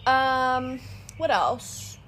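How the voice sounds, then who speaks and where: Upbeat young woman, slightly high voice. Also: extremely slow, fairly bright tone. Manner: giggly, upbeat and chatty. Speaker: podcast co-host. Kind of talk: casual chat. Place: outdoors. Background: birds chirping.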